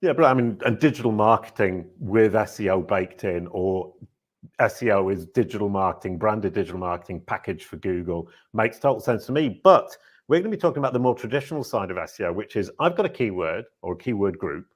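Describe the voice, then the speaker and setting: A low-pitched man hosts a podcast conversation. He talks with energy and explains his points in long runs. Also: expressive, fairly quick. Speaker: podcast host. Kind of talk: conversational interview.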